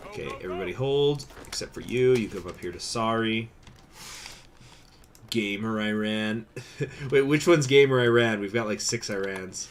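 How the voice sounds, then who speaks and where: A man streaming a strategy game, chatting casually with viewers, rambling, laughing and jumping into high excited bursts. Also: moderate pace. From United States. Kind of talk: casual game commentary with chat.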